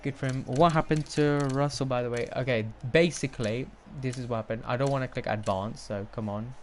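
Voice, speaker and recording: Brief: young male streamer, rambling and excitable, faint background hiss. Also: mid-range voice, brisk. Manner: excitable, rambling, talks to chat. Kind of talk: live game stream commentary.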